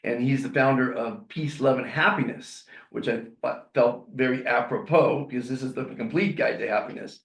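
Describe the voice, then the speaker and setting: A man's voice: medium pitch, moderate pace, gravelly, hardly any pauses, a bit bright, reverberant. A man hosting a podcast, talking in an upbeat, rambling way and reading out inspirational quotes. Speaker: podcast host. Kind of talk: podcast monologue.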